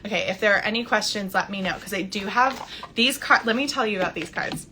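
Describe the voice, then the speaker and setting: A woman in her thirties, a spiritual coach, talking casually on a live stream with warm enthusiasm and frequent laughter. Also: mid-range voice, a little fast, noisy background. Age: 30s. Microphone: phone.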